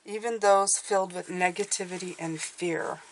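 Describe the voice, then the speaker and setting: A woman's voice: on the low side, fairly even intonation, normal speed, slight background noise. A middle-aged woman giving a casual tarot reading, chatty and reassuring, often checking in with "okay?". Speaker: tarot reader.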